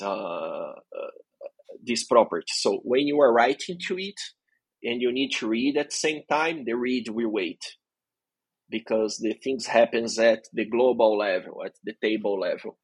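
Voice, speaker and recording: A man's voice: medium pitch, a little slow, slightly rough, no echo, poor audio. A man as a guest expert in a technical interview, explaining things patiently step by step.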